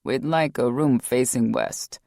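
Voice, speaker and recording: Woman voicing a cocky undercover male operative, Cajun flair, very deep, gravelly, swaggering mobster act, dry audiobook sound. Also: unhurried, mellow, no echo, full character voice.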